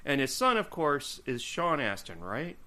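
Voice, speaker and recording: A man co-hosting a casual fan podcast, his voice bright and his pitch swinging lively up and down. He laughs often and trails off into fillers as he thinks. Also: a little slow. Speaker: podcast co-host. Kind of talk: casual chat.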